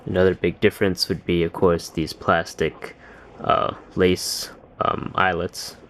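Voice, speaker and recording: A man's voice: low-pitched, measured pace, a little hiss or hum. A man giving a casual sneaker review at home, thinking aloud with lots of uh and um. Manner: relaxed, thinking aloud with many fillers.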